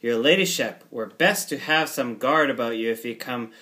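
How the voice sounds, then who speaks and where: A man's voice: medium pitch, normal speed, bright, forceful tone, close to an everyday voice. A man reading an alarmed waiting-woman in an amateur play reading, urgent and warning.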